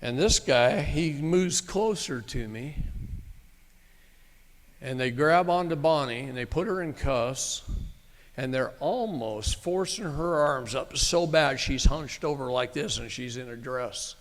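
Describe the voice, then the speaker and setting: A man's voice: mid-range voice, slow pace, in a large hall. A middle-aged man telling a story to a live audience in a blunt, folksy, emphatic way, with occasional cursing. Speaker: speaker at a live event. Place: meeting room with an audience.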